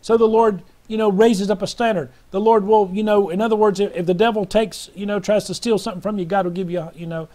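A man's voice: high voice, fairly even intonation, quick pace, few pauses, dark tone. A middle-aged man preaching a sermon with fervent hallelujahs and praise, sometimes breaking into song.

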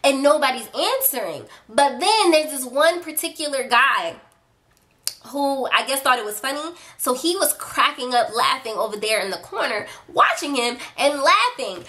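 A young adult woman recounts a story for her vlog in a chatty, animated way, addressing viewers directly. Her voice sits high and sounds bright and sharp. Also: moderate pace. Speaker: vlogger. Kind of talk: casual storytime chat to camera.

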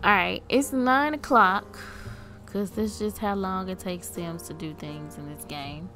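A woman's voice: medium pitch, unhurried, fairly bright tone, faint music behind. A woman casually narrating a life-sim game, chatty and amused, talking to the characters on screen. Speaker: game streamer.

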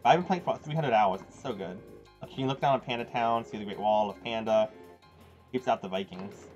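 A young man chatting casually to his live-stream viewers while playing a game, rambling, excitable and quick to laugh. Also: lowish voice. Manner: rambling, excitable, laughs often, talks to chat. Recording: dull lo-fi stream audio with game music. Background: game music.

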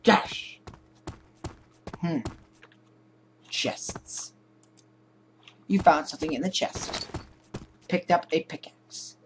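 A man's voice: a little high, very slow, long pauses, slight background noise. A man commentating on a horror game, sarcastic and jokey, swearing now and then. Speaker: gaming video host.

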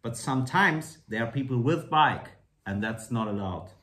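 A man with a German accent, German his first language, talks in casual comedic chat. His English comes out hesitant and halting, full of restarts. The room around him rings with a clear echo. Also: mid-range voice, animated, a bit bright. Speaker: comedian guest.

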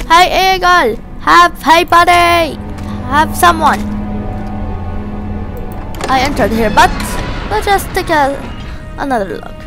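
Woman doing a let's play, goofy and jokey, high voice, faint music behind. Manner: playful, jokey, talks to game objects. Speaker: gamer.

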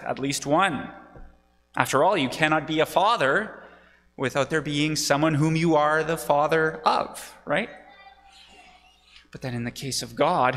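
A man's voice: medium pitch, a bit bright. A man preaching a sermon to his congregation, teaching as he goes and putting questions to the listeners. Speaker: pastor. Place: church sanctuary. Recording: long church reverb.

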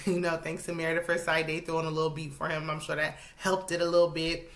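A woman's voice: on the low side, fairly even intonation, quick pace, few pauses, a bit bright. A young woman hosting a casual reality show recap, chatty and opinionated, often laughing.

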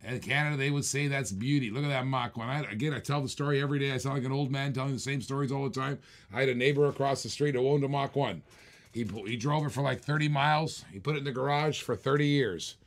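A man's voice: medium pitch, quick pace. A man hosting a live-streamed auction, calling bids in a chatty, joking way and repeating each bid.

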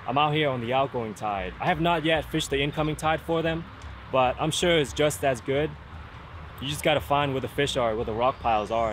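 Speaking in a mid-range voice, a man films a casual outdoor fishing vlog on a pier while rain falls and wind blows. He goes over his gear in an easygoing manner, saying "man" a lot, with wind, rain and ambient outdoor sound on the camera-mounted mic.

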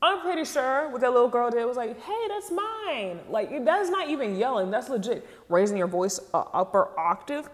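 A woman's voice: fairly high pitch, fairly quick, hardly any pauses, in a large hall. A woman hosting a casual show, reading online posts aloud and reacting with candid, slangy asides and laughs.

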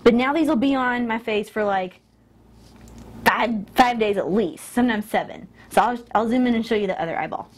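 A woman's voice: on the high side, normal speed, slight background noise. A woman chatting casually through a self-filmed lash tutorial, stopping herself mid-sentence and laughing at her own slips while she works. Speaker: beauty vlogger. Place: indoors at a mirror.

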